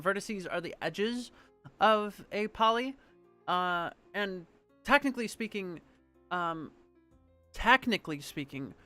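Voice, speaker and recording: Woman streamer, casual rambling chat, crisp bright tone, faint music underneath. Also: fairly low pitch. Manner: chatty, rambling, casual swearing.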